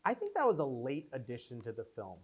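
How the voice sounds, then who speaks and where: Speaking fast in a mid-range male voice, an animated filmmaker rambles through stories for an audience in a screening room. It's a casual post-screening Q&A, and his answers are anecdotes loaded with fillers and acted-out quotes.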